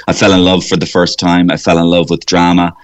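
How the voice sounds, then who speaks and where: Irish male comic guest, lowish voice, rambling and animated, studio radio chat. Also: fairly quick. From Waterford, Ireland. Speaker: guest comedian. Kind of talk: radio interview.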